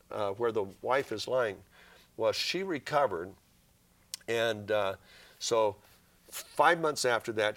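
A man's voice: mid-range voice, a bit bright. Earnest man telling a faith story. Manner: earnest, reads scripture passages aloud with feeling. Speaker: author and guest.

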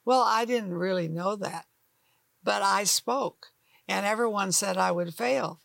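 Slow, gravelly older woman Bible teacher. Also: medium pitch, fairly bright tone, no room sound. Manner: folksy and emphatic, acts out doubters' voices. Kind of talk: sermon-style Bible teaching.

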